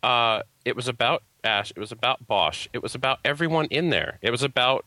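A man's voice: mid-range voice, fairly quick, pushed and bright, no room sound, rough recording. A man co-hosting a casual podcast chat, arguing his opinions firmly. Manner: opinionated, argues his point. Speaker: podcast co-host.

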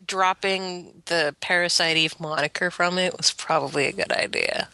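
Lower, bright woman with blunt wry remarks. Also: fairly even intonation, normal speed, gravelly, no echo, low-quality recording. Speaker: podcast co-host. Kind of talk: casual podcast chat.

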